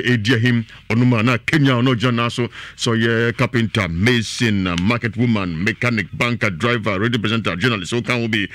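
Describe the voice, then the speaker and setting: A man with a Ghanaian accent reading a run of product adverts, hyped and repetitive, reading out phone numbers twice and swinging between loud calls and low mutters. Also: fairly quick, hardly any pauses, no echo. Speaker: radio advert presenter. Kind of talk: fast advert announcing in mixed Twi and English.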